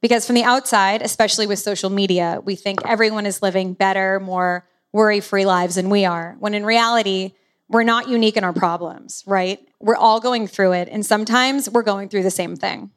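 Hoarse woman podcast host, sick. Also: mid-range voice. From United States. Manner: open, personal storytelling. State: lost voice, sick. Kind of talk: podcast intro and live stage talk.

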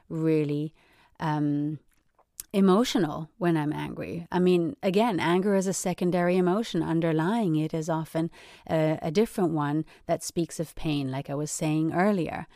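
A woman's voice: sits low, a little mellow, no room sound, studio quality. A woman hosting a podcast, talking earnestly and emphatically, often checking in with "right?". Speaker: podcast host. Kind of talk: reflective solo podcast talk.

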